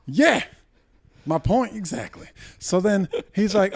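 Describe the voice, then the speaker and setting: A man's voice: high-pitched, expressive, takes it slowly, vocal fry, husky, no room sound, clean studio sound. A young adult man from Puerto Rico, heatedly telling a long, profane story as a podcast co-host. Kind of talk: casual storytelling chat.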